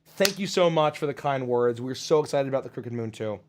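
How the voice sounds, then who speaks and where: A man's voice: medium pitch, lively intonation, brisk, slight background noise. A man hosting a casual live stream Q&A, reading out viewer messages with jokes and swearing. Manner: joking and profane, thanking viewers.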